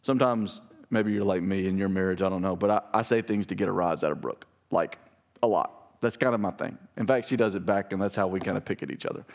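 A man in his thirties giving a conversational sermon as pastor, emphatic and animated with joking asides. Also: sits low, quick pace.

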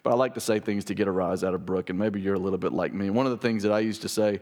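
A man in his thirties giving a conversational sermon as pastor, emphatic and animated with joking asides. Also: low voice, racing.

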